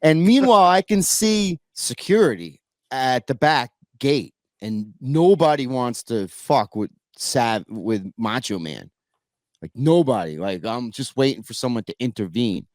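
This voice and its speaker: A man's voice: medium pitch, expressive, unhurried, darkish tone, dry recording, studio quality. A man telling a backstage story in casual podcast chat, rambling with many restarts and fillers. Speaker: guest musician.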